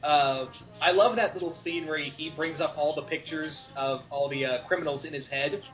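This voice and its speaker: Enthusiastic, higher-voiced male fan. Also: fairly even intonation, normal speed, a bit bright, faint music behind. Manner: enthusiastic fan, lots of uh fillers. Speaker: podcast co-host. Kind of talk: casual chat. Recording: slightly dull lo-fi podcast audio.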